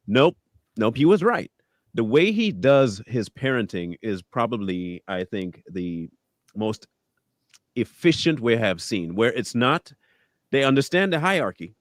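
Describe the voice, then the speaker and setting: A man's voice: medium pitch, sing-song, measured pace, pauses often, no echo. A man co-hosting a live talk stream, speaking casually and animatedly, acting out quoted voices and laughing often. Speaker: co-host.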